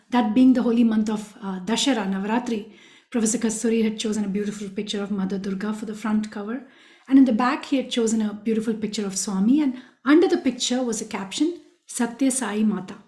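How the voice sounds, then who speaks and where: A woman tells devotional stories in an earnest voice, often turning to speak directly to her listeners. Her voice sits a little high but has a soft, mellow tone. The recording carries a noticeable room echo. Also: brisk. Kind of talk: storytelling talk. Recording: echoey room.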